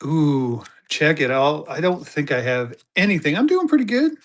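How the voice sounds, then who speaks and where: High-voiced man hosting a live auction. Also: sing-song, normal speed. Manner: hypes bidders, greets viewers by name. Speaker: live-stream auction host. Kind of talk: live-stream selling chat.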